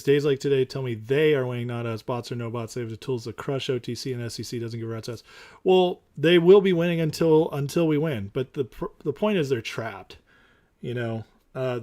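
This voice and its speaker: Man, livestream host, casual, emphatic, rambling, mid-pitched voice. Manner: rambling and emphatic, with fillers and restarts. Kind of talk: casual livestream chat, reading viewer comments.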